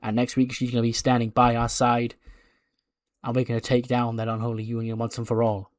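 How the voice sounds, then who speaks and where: A man's voice: medium pitch, monotone, fairly quick, close to an everyday voice. A man playing a secretive scheming woman wrestler.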